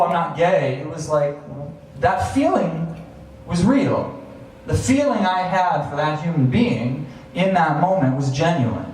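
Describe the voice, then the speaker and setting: Man telling a story in an echoey hall. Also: fairly high pitch. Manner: animated, acts out his own past thoughts with chuckles. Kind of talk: personal storytelling on stage. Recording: very echoey, distant, faint hiss.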